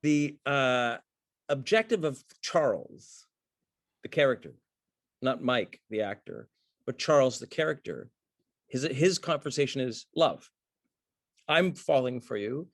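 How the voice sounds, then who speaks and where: A middle-aged man teaches an acting class over a video call, taking apart a film scene with lively, chatty energy. His mid-pitched voice comes through dry and close, with no room sound around it. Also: unhurried, pauses often, dry recording. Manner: animated, conversational, jumps into reading script lines.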